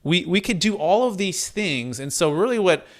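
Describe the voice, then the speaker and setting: A man in conversation tells a story with plenty of energy. His voice sits a bit on the high side, and he swings into playful impressions of the people he quotes. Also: expressive, moderate pace. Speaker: guest, tax deferral advisor. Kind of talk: conversational interview, telling a client story.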